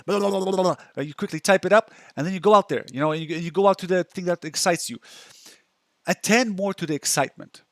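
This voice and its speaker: Brief: young male counselor, casual and chatty, fairly high voice, dry close sound. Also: fast talker, vocal fry, a bit bright, no echo. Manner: chatty, restarts a lot, acts out inner thoughts. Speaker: counselor giving self-help advice. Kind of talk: casual talk reacting to a post.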